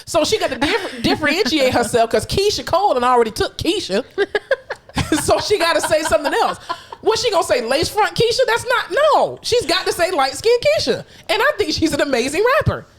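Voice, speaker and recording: A young woman with a stuffed-up, congested voice chats casually as a podcast co-host. She talks in an animated, laughing way, swears freely, and her voice sits a little high. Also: brisk. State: stuffed-up nose. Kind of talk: casual chat.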